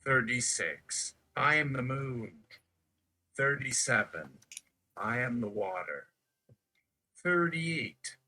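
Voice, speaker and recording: A man's voice: mid-range voice, animated, slow pace, pauses often, pushed and bright, poor audio. A man on a live stream reciting numbered declarations one after another in a chanting manner. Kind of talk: slow counting recitation.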